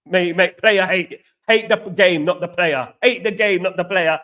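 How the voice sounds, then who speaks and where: A man with an East London accent chats casually as a livestream host. He reads out viewer comments and answers in slangy banter full of repeated catchphrases. His voice is high and bright. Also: measured pace.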